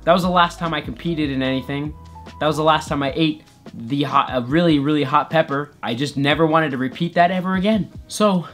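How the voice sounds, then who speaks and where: A man's voice: fairly high pitch, a little fast, a bit bright, faint music behind. A man vlogger narrating a comedic personal story in a playful, exaggerated way.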